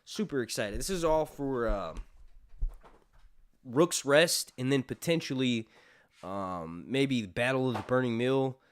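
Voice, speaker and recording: A man's voice: mid-range voice, animated, a little slow, clean tone. A man hosting a casual live stream chat, rambling loosely, swearing freely and often breaking into laughter. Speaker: YouTube host.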